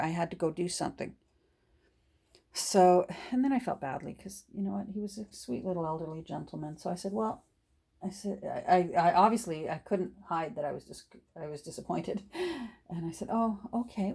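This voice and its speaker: A woman's voice: on the low side, normal speed, gravelly, warm tone. A middle-aged woman chatting casually while she works, showing a book haul to her phone, restarting her sentences as she goes. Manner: drops to a whisper while showing pages. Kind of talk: casual chat while working.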